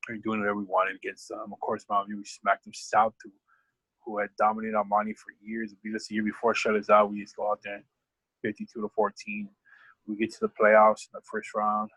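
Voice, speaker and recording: Low husky man, profane storyteller. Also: a little fast, no echo, poor audio. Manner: profane, rambling, animated storytelling. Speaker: podcast guest; football coach. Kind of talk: casual storytelling chat.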